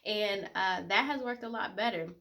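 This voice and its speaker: Her voice is medium in pitch with a sharp tone, moving at a moderate pace. She's a vlogger in her twenties sharing something personal to camera, casual and heartfelt, getting emotional and sometimes tearful amid plenty of fillers.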